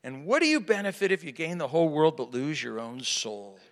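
Guy preaching, high bright voice, big echoey hall, goes quiet then loud. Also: sing-song, fairly quick. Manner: dramatic, swings from hushed to loud, rhetorical questions. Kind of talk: sermon. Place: large hall with an audience. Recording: reverberant hall.

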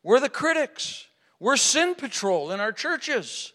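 A man preaching a sermon to a live audience, asking rhetorical questions and swinging from hushed to loud. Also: very high voice, very animated, slow pace. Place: large hall with an audience. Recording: reverberant hall.

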